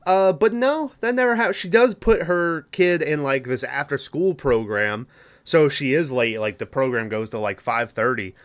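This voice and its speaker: A man's voice: on the high side, moderate pace. A man hosting a podcast, casually and profanely rambling through a movie plot with lots of fillers. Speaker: podcast host.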